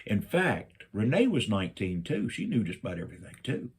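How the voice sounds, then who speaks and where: A middle-aged man from Virginia, telling a personal story and acting out his own lines with big jumps up in pitch. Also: a little fast, slightly rough. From Virginia, USA. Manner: animated, jumps up in pitch when quoting himself.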